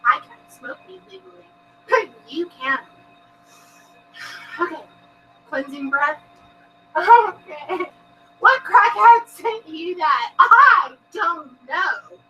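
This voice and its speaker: A woman's voice: very high-pitched, sharp tone, recorded from a distance, low-quality recording. A woman hosting a paranormal live stream, giggly and bubbly, who swears a lot and talks to her chat from home. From Texas. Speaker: paranormal show host.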